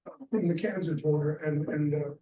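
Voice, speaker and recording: A man's voice: fairly high pitch, steady tone, a little fast, mellow. A man telling a rambling sports anecdote to a small group at a club meeting, quoting the people in it. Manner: rambling, quotes people in a retold dialogue. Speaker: chapter member telling a story. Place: restaurant meeting room. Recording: roomy, from a distant mic.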